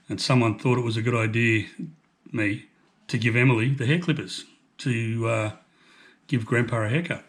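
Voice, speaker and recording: A man's voice: mid-range voice, a bit bright. An older Australian man, a truck driver, chatting casually to camera in an easygoing, jokey way with his granddaughter. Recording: faint background noise.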